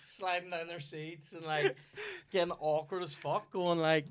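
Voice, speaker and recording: A man's voice: high-pitched, normal speed, clean tone, dry recording. A young Northern Irish man hosting a podcast, telling stories in casual chat and swearing freely. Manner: swears a lot, tells animated stories. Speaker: podcast host.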